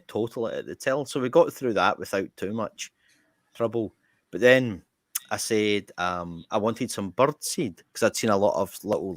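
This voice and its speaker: A man with a broad Scottish accent casually telling an anecdote on a podcast, animated and swearing freely. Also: lowish voice, dry recording, clean studio sound. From Scotland. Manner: animated, swears freely, jumps into quoted voices. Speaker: podcast co-host.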